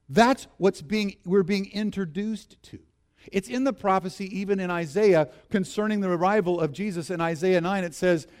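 A man preaching a sermon in an animated way, reading scripture with laughter and leading the congregation in repeating lines. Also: high-pitched, normal speed. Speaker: pastor.

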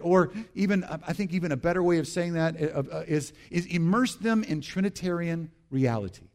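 Male pastor, slightly high voice, animated sermon delivery. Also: normal speed, hardly any pauses. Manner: animated, repeats key phrases, asks the congregation to respond.

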